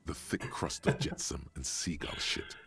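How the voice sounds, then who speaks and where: A man's voice: very deep voice, moderate pace, fairly bright tone, a little hiss or hum. A man narrating a game in a sardonic, theatrical way.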